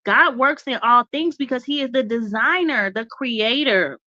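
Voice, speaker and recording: A woman hosting a live faith talk in a bright, forceful voice that sits a little high. She talks to her listeners with questions and repeats her key lines like a preacher. The sound is dry and a bit dull. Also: normal speed, dry recording. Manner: reads points aloud and repeats key phrases. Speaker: host.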